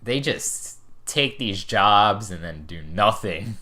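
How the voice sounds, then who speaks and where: Bright-voiced young man musing. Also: lowish voice, expressive, slow pace. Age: around 20. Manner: musing, hedging with 'like' and 'you know'. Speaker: podcast host. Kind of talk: casual podcast chat.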